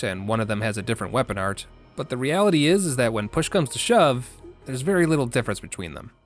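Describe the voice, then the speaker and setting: Brief: young male gaming host, lively sarcastic delivery, faint music behind. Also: medium pitch. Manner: sarcastic, playful, jokey. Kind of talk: scripted comedic gameplay narration.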